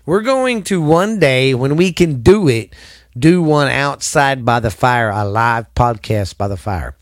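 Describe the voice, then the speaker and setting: A middle-aged man with a drawl, rambling folksy and chatty as he wraps up his podcast. His sinuses sound a bit stuffy, his pitch sits in a middle range, and the sound is close and dry with no room echo. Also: animated, a little slow. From Southern United States. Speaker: podcast host. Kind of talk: casual podcast sign-off chat.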